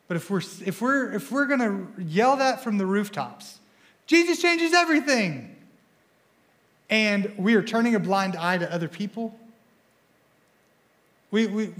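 High-voiced excitable young male preacher. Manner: energetic, excitable, self-interrupting with repeated words. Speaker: student pastor. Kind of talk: sermon. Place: church.

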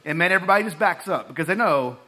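A man's voice: sits high, very fast. A man, a pastor preaching a sermon in a church, telling stories and joking with the congregation. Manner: storytelling, lively and joking with the congregation. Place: church sanctuary.

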